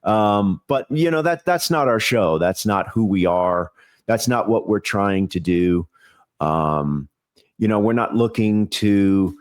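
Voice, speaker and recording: A man, a TV baseball show host, speaking as a guest on a podcast interview in an earnest, measured way with frequent fillers and restarts. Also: sits low.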